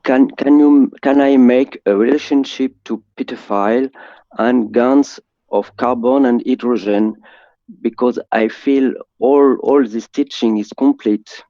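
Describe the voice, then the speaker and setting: Male caller from France, very slow and hesitant, gravelly, dull dry line. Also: medium pitch, fairly even intonation, mellow, dry recording. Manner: hesitant, searching for words. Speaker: caller asking a question.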